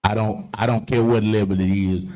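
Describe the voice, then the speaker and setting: A man hosting a casual live-stream talk show, joking loudly, swearing freely and reading viewer comments aloud. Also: fairly low pitch, steady tone, a little fast. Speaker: livestream talk show host.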